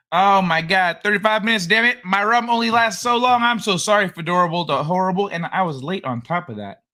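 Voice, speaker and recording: A man's voice: high voice, normal speed, sharp tone. A man hosting a casual livestream, rambling and joking as he greets viewers by name. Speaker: livestream host.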